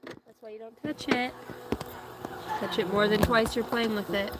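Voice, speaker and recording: A woman's voice: a little high, fairly even intonation, moderate pace, heavy background noise. A woman doing a live-stream oracle card reading, chatting playfully and joking with her viewers.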